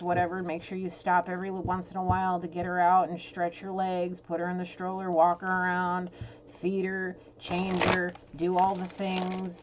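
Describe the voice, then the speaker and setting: A woman's voice: lowish voice, darkish tone. A woman giving a casual tarot reading, emotional, blunt and exasperated as she talks. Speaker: tarot reader. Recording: dull lo-fi sound with clear noise.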